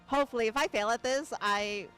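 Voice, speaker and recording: A woman's voice: a little high, moderate pace, fairly bright tone, soft background music. A woman streamer chatting casually during a game, laughing often.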